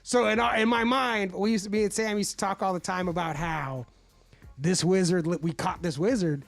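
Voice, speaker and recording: Man, high voice, podcast host, animated, laughing, swears freely. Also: normal speed, creaky, faint music behind. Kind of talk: casual storytelling chat.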